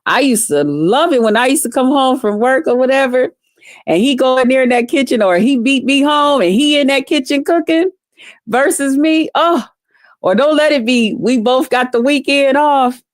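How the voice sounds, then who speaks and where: A woman's voice: high-pitched, moderate pace, no room sound. Brief: woman vlogger, foul-mouthed casual storyteller, dry close mic, no room sound. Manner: blunt, salty, talks straight to viewers. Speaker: vlogger chatting with live viewers. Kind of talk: casual profane storytelling to camera.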